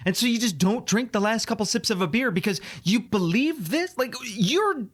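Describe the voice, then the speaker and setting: A man's voice: high voice, lively intonation, moderate pace. A man hosting a comedy podcast, ranting with exasperation and then teasing his co-host in casual chat. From United States.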